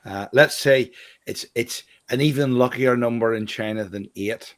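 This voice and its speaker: A man's voice: medium pitch, normal speed. A man co-hosting a casual whiskey chat show. He trades teasing jokes and banter. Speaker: podcast co-host.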